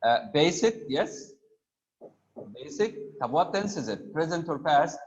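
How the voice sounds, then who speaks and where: A man's voice: a little high, animated, takes it slowly, lo-fi sound, a little hiss or hum. A man teaching a grammar lesson over an online call, patiently quizzing students and repeating their answers back to them. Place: remote video call.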